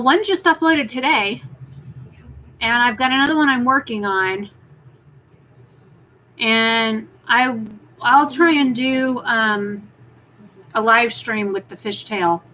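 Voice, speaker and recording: A woman's voice: on the high side, slow pace, long pauses, bright, forceful tone, slight background noise, poor audio. Chatty woman on a home live stream. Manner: chatty, rambling, talks to her cat in baby talk. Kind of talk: casual live chat.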